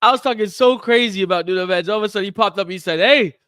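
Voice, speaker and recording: A man's voice: high-pitched, very fast, a bit bright, smooth, dry recording. A young man co-hosting a casual sports podcast, laughing a lot and hyped. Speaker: podcast co-host. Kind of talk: casual chat.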